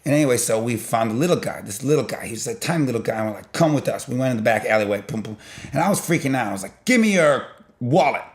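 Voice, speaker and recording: A young man telling a long story in a loose, rambling way, full of filler and sound effects. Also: rapid-fire. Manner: rambling, peppered with "blah blah" and "boom"; animated, jumps in loudness while retelling. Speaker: vlogger.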